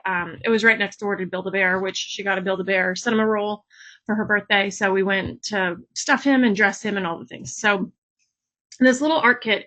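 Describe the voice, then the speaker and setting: A woman's voice: a little high, fairly bright tone, rough recording. A woman, chatting casually in her home art studio, rambling with fillers and laughs. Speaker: craft vlogger. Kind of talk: casual chat.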